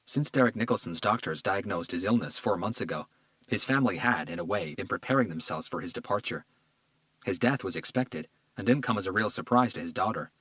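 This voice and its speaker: A man narrating a crime thriller audiobook in a measured, grave read. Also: low voice, animated, fairly bright tone, dry recording.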